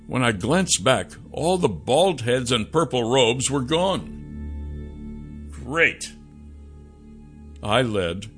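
Man reading a fantasy novel aloud, animated delivery, crisp bright tone. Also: mid-range voice, very slow, long pauses, soft background music. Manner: expressive storytelling. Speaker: audiobook narrator. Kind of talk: first-person scripted narration.

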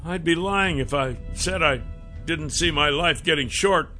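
A man's voice: a little high, measured pace, pushed and bright, soft background music, pitched above the performer's own voice. A male narrator voicing an anxious young man who questions his friends. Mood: worried.

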